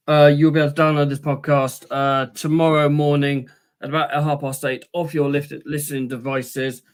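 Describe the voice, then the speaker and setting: A man hosting a casual sports podcast, chatty and rambling with many fillers. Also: medium pitch. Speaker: podcast host.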